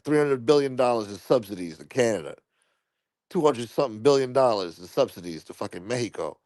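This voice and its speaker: A man's voice: medium pitch, lively intonation, fairly quick, a little mellow, no room sound. A blunt man runs a casual live stream, rambling and swearing freely as he reacts to chat. His voice sits mid-range and is recorded dry and close.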